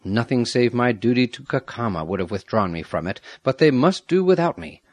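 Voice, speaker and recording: A man's voice: mid-range voice, lively intonation, fairly quick, no echo, lightly acted. A man reading a commanding young Aztec warrior. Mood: steady.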